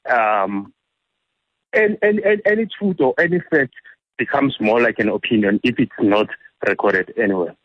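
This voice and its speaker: South african man, caller, tinny phone line, lively pitch, husky, repeats words. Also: normal speed, no room sound. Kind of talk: phone-in call.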